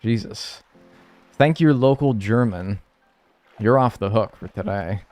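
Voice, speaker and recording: A man's voice: lowish voice, measured pace, a little mellow, soft background music. A young man live-streaming, reading viewer messages and answering them in casual, joking banter with bursts of mock outrage.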